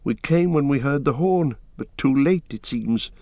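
A man's voice: medium pitch, a little slow, a little mellow, no room sound, pitched above the performer's own voice, lightly acted. A man voicing Legolas, a young male elf archer, in an audiobook, speaking formally and urgently. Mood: earnest.

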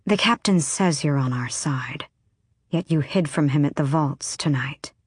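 A woman reading the part of a guarded, solemn young woman rebel who speaks tersely and quietly. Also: deep voice, measured pace, breathy edge, dry recording, studio quality. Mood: hushed.

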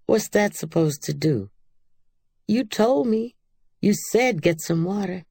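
A woman playing an indignant young girl, high pleading tone, gravelly edge. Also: lively intonation, slow pace, warm tone, dry recording, heavily acted. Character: eager, indignant little girl.

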